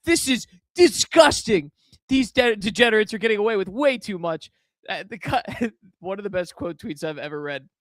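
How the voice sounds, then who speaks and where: Expressive and medium-pitched, this streamer reads posts at a moderate pace and comments on them casually, cracking up again and again. The delivery is slangy and loose with plenty of "dude" and "man," captured in a dry, clean studio recording.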